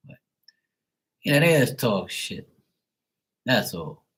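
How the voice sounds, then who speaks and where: A man chatting casually to camera, rambling and swearing freely in a relaxed way. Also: lowish voice, slow pace, rough recording. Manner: rambling, profane, laid-back. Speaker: tarot reader, channel host.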